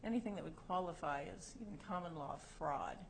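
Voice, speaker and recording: A woman's voice: lowish voice, lively intonation, fairly quick, gravelly, a little hiss or hum, rough recording. A woman judge questioning an attorney at oral argument with pointed, probing questions. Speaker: appellate judge.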